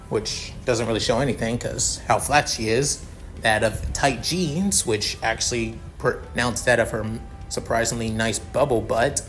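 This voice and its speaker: A man improvising a fan fiction narration, rambling with many restarts. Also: medium pitch.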